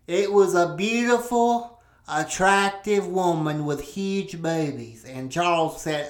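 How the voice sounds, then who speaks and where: A woman with a low voice speaks at a slow pace while hosting a podcast. She tells a crude comic story full of swearing and rambling asides. The recording has a roomy echo.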